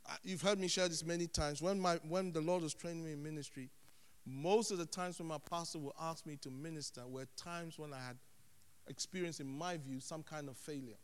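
A man preaching a sermon as a pastor, animated, dropping to hushed tones and then rising loud. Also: fairly high pitch, brisk, smooth. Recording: long hall reverb.

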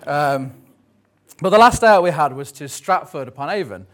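A man's voice: on the high side, lively intonation, moderate pace. A man in his thirties preaching a Sunday sermon, conversational and jokey, with frequent ums. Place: church service.

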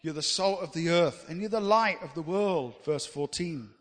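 Male preacher, fairly high voice, lively delivery, echoey hall sound. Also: moderate pace. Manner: animated, swinging from loud to quiet. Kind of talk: sermon. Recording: long hall reverb.

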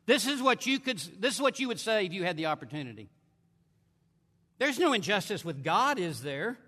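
In a large hall with long reverb, a man preaches in a high, sharply bright voice that swings widely in pitch at a brisk pace. He leans hard into forceful declarations, then drops to quieter, intense asides.

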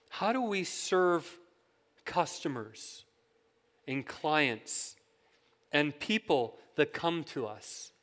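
The pastor's voice is a little high and fairly bright as he preaches, weaving stories in a conversational way and asking his listeners questions. Long reverb from the hall fills the recording.

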